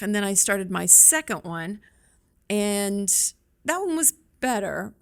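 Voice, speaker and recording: A woman talking as a podcast guest, upbeat and reflective. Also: medium pitch. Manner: upbeat, reflective, laughs easily. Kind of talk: casual interview chat.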